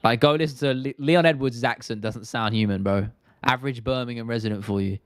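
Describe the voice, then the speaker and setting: A man's voice: medium pitch, brisk, hardly any pauses, no room sound, studio quality. Chatty South London guy. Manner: chatty, blunt, swears freely, drops T's. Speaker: MMA stream host. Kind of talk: casual live-stream chat reading viewer comments.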